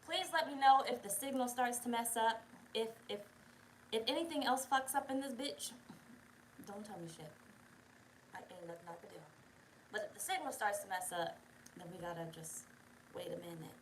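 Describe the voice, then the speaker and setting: A woman's voice: a little high, animated, moderate pace, pauses often, a little hiss or hum, poor audio. A young woman hosting a casual tarot livestream, chatty, profane and digressive, bossing her viewers around. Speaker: tarot reader, channel host.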